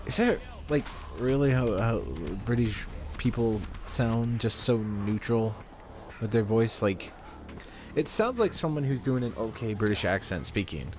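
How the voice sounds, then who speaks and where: A man's voice: mid-range voice, animated, measured pace, noisy background. A man giving chatty, rambling commentary while he plays a video game, often talking to himself. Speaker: gamer. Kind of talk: let's play commentary.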